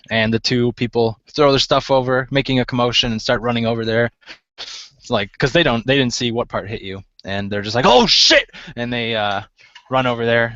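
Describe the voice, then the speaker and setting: A man's voice: medium pitch, fairly bright tone, no room sound. Casual man narrating a tabletop game. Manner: casual, loose, many fillers. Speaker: game master. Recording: dry, dull lo-fi mic.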